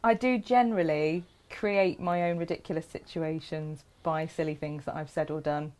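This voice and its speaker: A woman's voice: low voice, fairly even intonation, moderate pace, darkish tone. Brief: giggly English woman, live-stream sewing host, chatty and easy. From England. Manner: chatty, giggly, reads viewer comments aloud. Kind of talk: casual live-stream chat.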